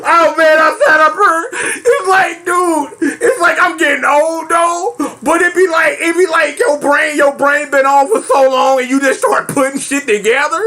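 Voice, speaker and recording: A man's voice: very high voice, fairly even intonation, moderate pace, few pauses, bright, forceful tone. A man hosting a casual rant, laughing hard while talking and using heavy slang, from a small room at home. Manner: heavy slang, repeats himself. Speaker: host.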